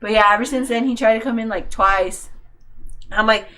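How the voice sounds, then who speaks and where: Her pitch sits fairly high and her pace is normal, with a little hiss or hum on the recording. She's a young podcast co-host telling a story casually, swearing liberally and animatedly voicing what others said.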